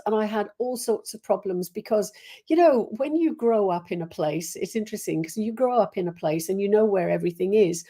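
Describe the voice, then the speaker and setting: Chatty Welsh woman with a mellow voice. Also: medium pitch. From Wales. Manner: chatty and rambling, with many fillers and restarts. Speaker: host greeting live viewers. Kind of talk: casual live-stream chat.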